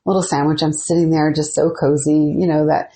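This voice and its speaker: A woman's voice: low-pitched, fairly quick. A woman hosting a podcast, casually telling a ghost story and acting out the quoted dialogue. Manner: animated, acts out quoted dialogue. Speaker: podcast host.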